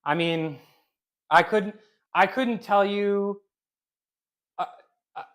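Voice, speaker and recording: Man, slightly higher voice, loose rambling live-stream workout coach who chats with viewers between sets. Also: slow pace, fairly bright tone, smooth. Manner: casual, rambling, repeats himself; talks to chat while exercising. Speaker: fitness streamer.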